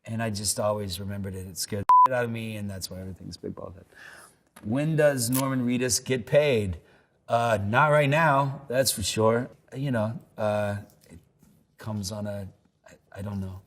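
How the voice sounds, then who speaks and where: A man's voice: on the low side, moderate pace, fairly bright tone, a little hiss or hum. A man, an actor, answering questions in a casual, rambling, self-deprecating way and telling loose anecdotes. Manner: laid-back, rambling, self-deprecating storyteller. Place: lives in New York.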